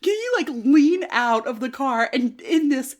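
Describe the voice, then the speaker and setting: Lively, laughing woman co-host in her thirties. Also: high-pitched, a little slow. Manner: animated storyteller, laughs often. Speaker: podcast co-host. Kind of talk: casual chat.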